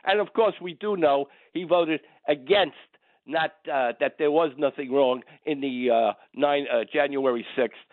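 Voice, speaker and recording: Older male caller; blunt, indignant, rambling; higher voice; tinny phone-line sound. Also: measured pace, dry recording. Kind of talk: call-in radio talk.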